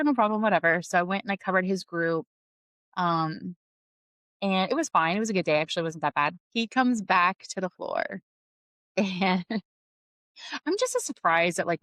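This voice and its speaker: A woman's voice: fairly low pitch, no room sound. A woman guest on a podcast, telling work stories in casual chat, laughing often and acting out what people said. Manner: animated, laughs often, acts out quoted lines. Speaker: podcast guest, lead EMT.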